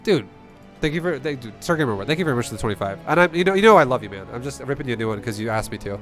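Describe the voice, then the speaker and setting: A man's voice: medium pitch, very animated, very fast, soft background music. A young man giving blunt, profane, rambling coaching on a game. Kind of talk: casual game coaching commentary.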